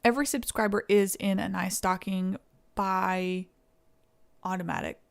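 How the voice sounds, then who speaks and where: A woman's voice: mid-range voice, steady tone, measured pace, gravelly. A young woman from East Tennessee with a Southern accent, chatting casually with viewers on a live stream and thanking them. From East Tennessee, USA.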